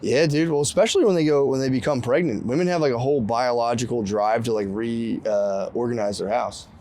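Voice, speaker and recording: A man's voice: medium pitch, fairly quick, darkish tone, slight background noise. A man in his thirties chatting casually outdoors by the water, loose and profane, laughing often. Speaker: podcast co-host on a fishing trip. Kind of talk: casual chat.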